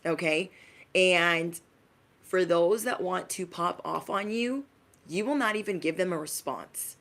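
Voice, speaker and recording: A woman's voice: fairly low pitch, measured pace, vocal fry, fairly bright tone. A woman giving a casual spiritual message to her viewers as an intuitive reader, in a chatty, emphatic, slangy way.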